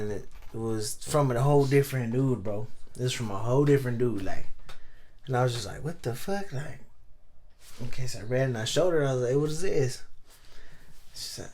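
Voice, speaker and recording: A man's voice: mid-range voice, a little mellow, slight background noise. A young man on a podcast telling a long story in slangy, profane, rambling chat full of fillers. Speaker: podcast co-host.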